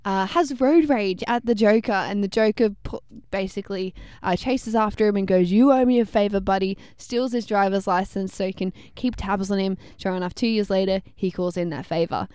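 A woman's voice: medium pitch, moderate pace, few pauses, darkish tone, clear, resonant tone, no echo, clean studio sound. A woman co-hosting a casual pop-culture chat, enthusiastic and talkative, with lots of fillers. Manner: enthusiastic, chatty, many fillers. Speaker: podcast co-host.

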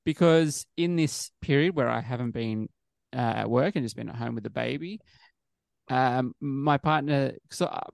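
A man's voice: medium pitch, normal speed, creaky, dry recording, studio quality. A man co-hosting a radio show, talking hesitantly with lots of fillers. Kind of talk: casual chat.

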